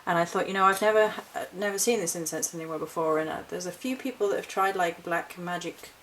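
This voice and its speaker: Chatty woman with a lowish voice. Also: fast, a bit bright, a little hiss or hum, low-quality recording. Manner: chatty, rambling, self-correcting. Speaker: witchcraft vlogger. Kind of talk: casual haul vlog.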